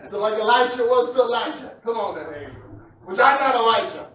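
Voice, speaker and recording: A man preaching a sermon who repeats himself and builds up to loud, shouted passages. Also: very high voice, expressive, fairly quick. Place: church. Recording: echoey church hall from a distant mic with faint noise.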